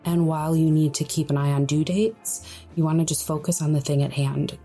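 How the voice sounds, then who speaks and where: Hushed breathy woman podcaster. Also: low voice, fairly even intonation, fairly quick, soft background music. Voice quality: breathy, quiet. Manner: hushed, soft-spoken, friendly. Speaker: podcast host. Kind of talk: solo podcast advice.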